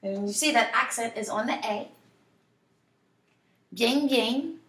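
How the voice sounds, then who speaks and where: A woman teaching a Spanish lesson from home, drawing out model phrases slowly so students can repeat them. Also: fairly high pitch, sharp tone. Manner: slow, drawn-out model phrases for repetition. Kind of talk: online language lesson. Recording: echoey room.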